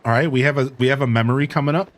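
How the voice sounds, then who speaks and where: A man's voice: mid-range voice, very fast. Chatty male streamer talking through gameplay. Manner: chatty, lots of "like" and "dude"; animated when telling stories. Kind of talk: casual gameplay commentary.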